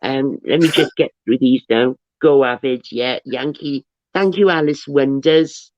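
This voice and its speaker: A woman's voice: very deep voice, measured pace, a little mellow, slight background noise. A woman hosting a livestream, rambling chattily through viewer comments with frequent restarts. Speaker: livestream host. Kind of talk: casual chat, reading viewer comments aloud. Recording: dull, dry, lo-fi audio.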